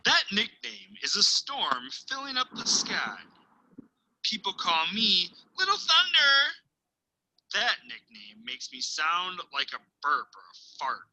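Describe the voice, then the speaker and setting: A teacher reads a picture book aloud to children in a bright, keen woman's voice. Her pitch swoops up and down as she tells the story, and she drops into hushed asides and dramatic pauses. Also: big pitch swings, rough recording.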